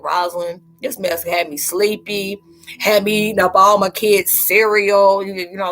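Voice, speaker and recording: A woman's voice: medium pitch, a bit bright. A middle-aged woman hosting a casual live chat, talking straight to her viewers, laughing and telling stories as she reads the comments. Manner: chatty, laughing, talks to viewers directly. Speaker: livestream host.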